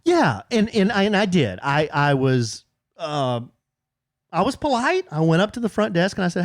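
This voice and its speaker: A middle-aged man co-hosting a podcast, telling a story in casual chat and jumping up high whenever he quotes someone. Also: normal speed, no echo, studio quality. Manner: animated, jumps high when quoting people. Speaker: podcast co-host.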